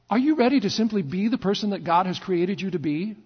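A pastor telling stories in a sermon, with repeated phrases and dramatic pauses. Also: male voice, sits high, lively intonation, husky. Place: church sanctuary. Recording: long church reverb, dull lo-fi sound.

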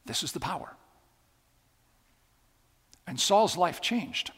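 A man's voice: high-pitched, expressive, slow pace, fairly bright tone, husky. A man preaching a sermon, telling stories with emphatic, repeated phrases. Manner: storytelling, emphatic and repetitive. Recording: long hall reverb.

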